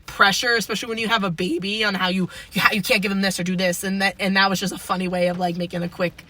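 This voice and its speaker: Young guy rambling on a podcast, bright tone, lots of likes and ums. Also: high-pitched, little pitch movement, fast, dry recording. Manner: rambling, lots of fillers and restarts. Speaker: podcast host. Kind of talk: casual chat.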